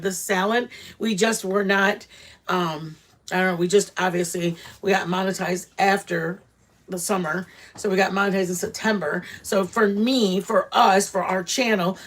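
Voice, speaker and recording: A middle-aged woman hosting a casual livestream chat. She talks bluntly and rambles, with lots of fillers and restarts. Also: mid-range voice. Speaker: channel host chatting with live viewers.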